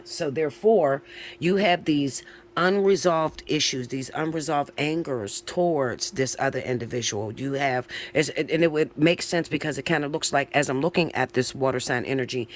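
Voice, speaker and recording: Over slight background noise, a man with a voice on the high side does a loose, informal tarot reading out loud. He's chatty, swears now and then, and keeps checking on his listener with "all right?" and "okay?"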